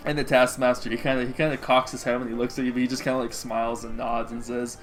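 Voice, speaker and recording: A man narrating as game master of a tabletop game, halting with many fillers. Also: mid-range voice, flat delivery, faint music behind. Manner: hesitant, full of fillers.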